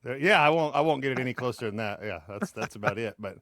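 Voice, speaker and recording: A man co-hosting a podcast from his home office, trading quick jokes in casual chat. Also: mid-range voice, lively intonation, fairly bright tone, dry recording, clean studio sound. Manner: joking, quick banter. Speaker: podcast co-host.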